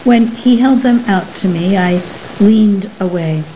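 A woman reading a story aloud in a measured, somber first-person narration. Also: medium pitch, warm tone. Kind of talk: scripted narration. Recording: slightly muffled with faint hiss.

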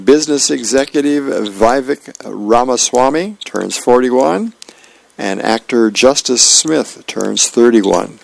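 A man, a volunteer reader, reading the newspaper aloud for a radio reading service in a plain, unhurried way with small hesitations. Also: medium pitch, expressive, gravelly, rough recording.

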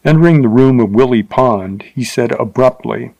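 A male narrator reads an old Western story in a steady, measured way. His voice sits at a middle pitch for a man. The recording is close and dry, with no room sound. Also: creaky, no echo, rough recording. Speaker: audiobook narrator. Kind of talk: scripted narration of a Western novel.

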